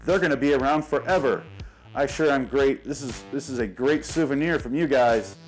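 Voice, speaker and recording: A man voicing a burly male trucker who talks slowly, mildly and earnestly in a comedy rant. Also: medium pitch, darkish tone, soft background music, natural voice, poor audio. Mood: awed. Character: burly male trucker, slow, polite and gullible.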